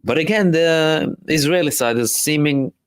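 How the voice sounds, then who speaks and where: A man's voice: on the high side, moderate pace, smooth, dry recording. A man hosting a live stream, reading out viewer questions and answering them in a loose explanatory way, with frequent fillers and restarts. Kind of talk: casual live commentary reading chat questions.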